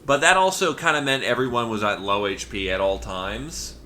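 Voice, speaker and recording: A man's voice: mid-range voice, normal speed, sharp tone, slight background noise. A male streamer giving casual commentary on a strategy game, rambling and correcting himself with lots of fillers.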